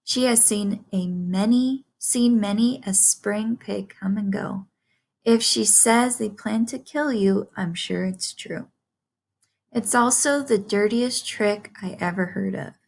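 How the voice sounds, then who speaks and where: Woman doing a sweet brisk spider. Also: mid-range voice, gravelly, a little mellow. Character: calm brisk female spider.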